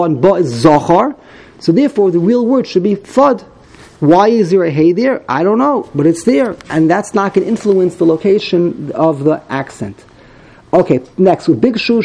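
A man's voice: high voice, gravelly, warm tone. A man teaching a text study class, explaining grammar as he thinks aloud, repeating and correcting himself.

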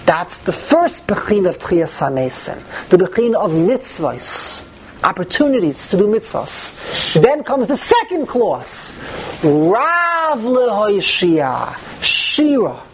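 A woman's voice: mid-range voice, very animated, slow pace, a little hiss or hum, low-quality recording. A woman teaching a religious text class, explaining step by step and asking herself rhetorical questions.

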